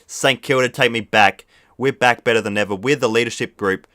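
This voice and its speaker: A young man giving profane, shouting commentary on his own football video game career. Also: medium pitch, fairly quick, dry recording, studio quality. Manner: swears a lot, shouts in frustration. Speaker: gaming YouTuber. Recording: game music behind.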